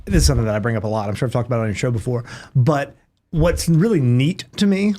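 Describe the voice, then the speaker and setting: A man talking casually as a podcast guest, animated and laughing easily. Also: mid-range voice. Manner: animated, quick, laughs often.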